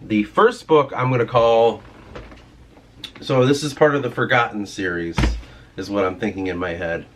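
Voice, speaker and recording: A man's voice: lowish voice, moderate pace, background noise. Frustrated, swearing man venting on a vlog. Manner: frustrated, rambling, swears freely. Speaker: vlogger and writer. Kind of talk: casual ranting vlog.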